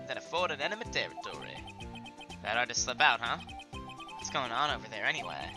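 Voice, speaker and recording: A man's voice: mid-range voice, close to an everyday voice. A man voicing a laid-back, folksy cowboy lawman who drawls and drops in Spanish words. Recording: game music playing behind.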